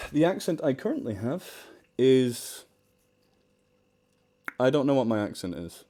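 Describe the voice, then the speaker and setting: A British man whose accent sits between British and American chats casually on a livestream at home, close to a desktop mic. He pokes fun at himself, laughs easily and reacts to viewer comments at a middling pitch. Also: big pitch swings, slow, dark tone. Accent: mixed British-American. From United Kingdom. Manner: chatty and self-deprecating, laughs often, reads chat aloud. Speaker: charity livestream host and story narrator. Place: home room with fish tank near the mic. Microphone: desktop microphone.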